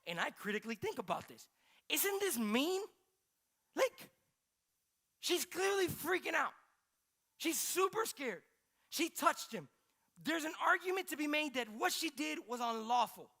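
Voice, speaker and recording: A male pastor preaching a sermon in a conversational, questioning style, moving between quiet storytelling and louder emphatic points. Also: very high voice, sing-song, measured pace, gravelly, long pauses.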